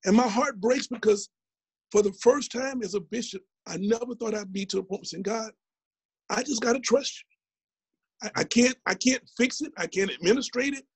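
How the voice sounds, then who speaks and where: A man's voice: sits high, normal speed, slightly rough, dry recording. A man, a bishop hosting a ministry teaching conversation, speaking in an emotional, heartfelt way.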